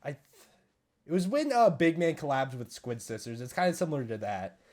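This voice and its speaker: A young man co-hosting a casual podcast, retelling things in an excitable, animated way with lots of fillers. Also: on the high side, moderate pace. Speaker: podcast co-host. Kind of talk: casual chat.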